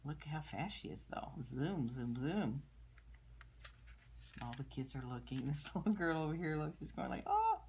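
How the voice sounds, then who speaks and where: Low-voiced older woman reading a storybook. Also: normal speed, slight background noise. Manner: gentle, explaining pictures, drops to soft asides. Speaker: grandmother reading to children. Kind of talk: storybook read-aloud with commentary.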